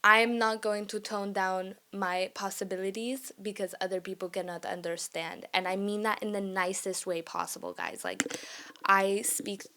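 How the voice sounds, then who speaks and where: A woman's voice: mid-range voice, normal speed, bright, forceful tone. A woman in her early twenties hosting her own podcast, talking in a candid, chatty way and often checking in with her listeners. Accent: northern Mexican Spanish. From family from Mexico. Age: 20s. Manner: chatty and candid, tossing in "okay, guys?"; switches into Spanish and German. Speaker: podcast host. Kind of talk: casual solo podcast monologue.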